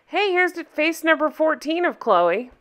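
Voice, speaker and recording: Woman host, reaction commentary, bright voice, a touch high, incredulous and wry. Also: very animated, unhurried. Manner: sarcastic, incredulous. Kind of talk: casual commentary.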